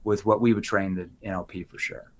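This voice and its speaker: A man gives a podcast interview about selling. He talks in a lively way and keeps slipping into short acted bits of dialogue, swinging between bright and hushed tones. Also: low-pitched, a little fast. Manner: animated, acts out sample dialogue with shifting tones. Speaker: sales trainer guest.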